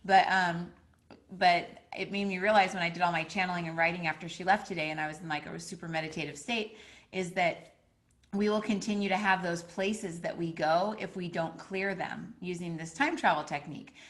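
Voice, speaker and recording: Rambling, animated woman teaching. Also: lowish voice, a little fast. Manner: rambling, full of "like" fillers; animated, acting out quotes with a jumping voice. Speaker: spiritual teacher leading a class. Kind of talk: casual spiritual lesson.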